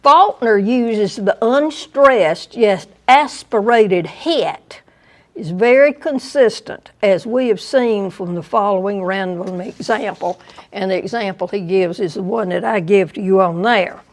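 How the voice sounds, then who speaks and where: Woman, Southern US accent, museum lecture, very slow, wry asides. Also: mid-range voice. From American South. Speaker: guest lecturer.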